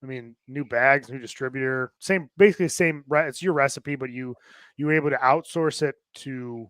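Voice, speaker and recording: A man hosting a podcast in casual chat, talking in a fast, loose and profane way. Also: medium pitch, fairly bright tone, no room sound. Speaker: podcast host.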